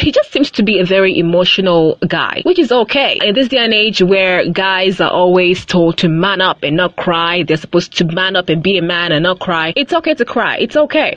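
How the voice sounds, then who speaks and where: A woman chatting through a gossip vlog, repeating herself and jumping to high exclamations. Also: fairly bright tone, no echo. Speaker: entertainment vlogger. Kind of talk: casual gossip vlog commentary. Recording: dull dry lo-fi audio.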